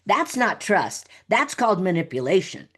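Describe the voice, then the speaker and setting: Middle-aged woman, podcast guest, expressive sing-song delivery, playful and frank. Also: mid-range voice, moderate pace. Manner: animated, laughs often, acts out dialogue. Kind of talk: conversational podcast interview.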